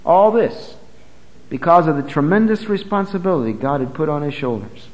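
Emphatic preacher in an echoing hall. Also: male voice, animated, quick pace. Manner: emphatic, rises and drops sharply in pitch and volume; reads scripture aloud in old-fashioned English. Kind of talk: sermon.

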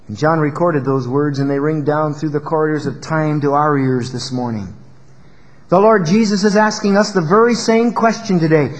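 Man preaching, high voice, emphatic delivery, long hall reverb. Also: moderate pace. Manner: emphatic preaching, rising and dropping loudness. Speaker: pastor. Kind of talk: sermon.

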